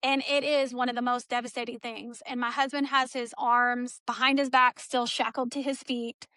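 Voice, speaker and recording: A woman's voice: fairly high pitch, flat delivery, moderate pace, pushed and bright, dry recording. A woman from Texas, a guest in an interview, giving an emotional personal account and acting out the dialogue as she tells it. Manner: storytelling, acts out quoted dialogue.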